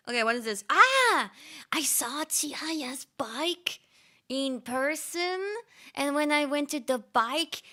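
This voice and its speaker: A young woman streamer chatting casually and telling stories excitedly, laughing often. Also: high voice. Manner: excitable storytelling with frequent laughs.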